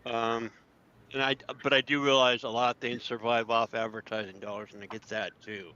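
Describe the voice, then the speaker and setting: Man, co-host, casual chat, rambling with ums, bright tense tone, dull lo-fi sound. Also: medium pitch, little pitch movement, fairly quick, slight background noise. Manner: rambling, trails off, lots of ums. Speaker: podcast co-host.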